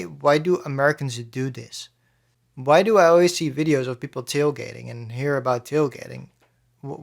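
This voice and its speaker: Animated, swearing young man podcasting. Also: on the high side. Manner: animated, swears freely, rambling asides. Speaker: podcast host. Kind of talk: casual solo podcast chat.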